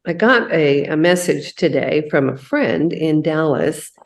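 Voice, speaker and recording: A woman's voice: deep voice, expressive, measured pace. A middle-aged woman hosting a women's coffee chat, telling a faith-based story in a conversational way, with many "you know"s.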